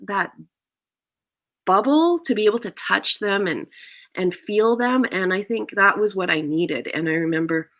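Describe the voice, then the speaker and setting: Lively middle-aged woman telling a story. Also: a little slow. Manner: acts out quoted lines with big pitch jumps and gasps. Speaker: actor, interview guest. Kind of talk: animated anecdotal storytelling.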